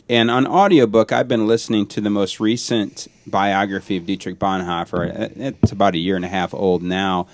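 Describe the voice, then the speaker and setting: A man's voice: lowish voice, dry recording. A middle-aged man hosting a podcast, chatting casually and laughing a lot as he retells stories. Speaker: podcast host. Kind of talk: casual chat.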